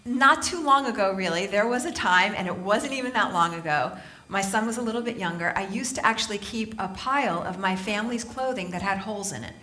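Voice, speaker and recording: A woman from Southern California giving a humorous inspirational talk on stage to a live audience, telling animated stories and laughing often. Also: medium pitch, brisk. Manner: animated storytelling, laughing often, playful asides. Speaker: motivational speaker and author.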